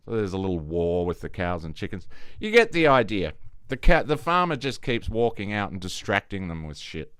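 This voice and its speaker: Male solo podcaster, low smooth voice, loose rambling delivery with swearing and restarts. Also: sing-song, normal speed, a bit bright, no room sound, clean studio sound. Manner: rambling, profane, many restarts. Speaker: podcast host. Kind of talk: casual solo monologue.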